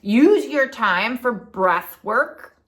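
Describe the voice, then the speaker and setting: A woman with a fairly high voice gives a relaxed spiritual teaching talk to her viewers. She is blunt and chatty, swears casually, and keeps checking in with "okay?" as she goes. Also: very slow. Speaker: spiritual coach.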